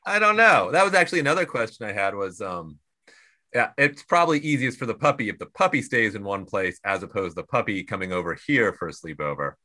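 Deep, bright-toned man asking questions. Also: lively intonation, fast talker. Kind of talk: casual interview chat.

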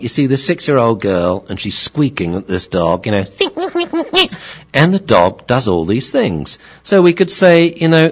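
A man, a dog trainer, giving a lively lecture-style talk and acting out the people in his stories, on a slightly dull, lo-fi recording. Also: medium pitch, slightly rough.

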